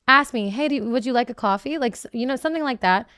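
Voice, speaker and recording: A woman's voice: fairly high pitch, quick pace, pushed and bright, clean tone, no room sound, clean studio sound. A woman, a reality show contestant, talking candidly in a podcast interview, emotional and rambling with many fillers and restarts.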